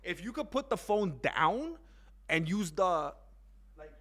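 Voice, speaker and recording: A young man giving a rambling casual monologue on fight news, animated and mocking. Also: slow, a little hiss or hum. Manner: rambling, animated, mocks others in high exaggerated voices. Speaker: MMA commentary YouTuber.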